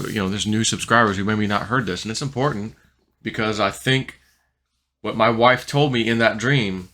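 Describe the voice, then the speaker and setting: A man's voice: on the low side, bright, forceful tone. A man vlogging about crypto in a rambling, casual monologue full of fillers. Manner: rambling, filler-heavy, restless talk.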